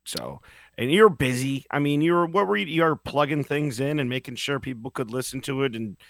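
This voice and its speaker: Male podcast host, middle-pitched, animated and rambling, dry video-call sound. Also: moderate pace, no room sound. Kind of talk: casual chat over video call.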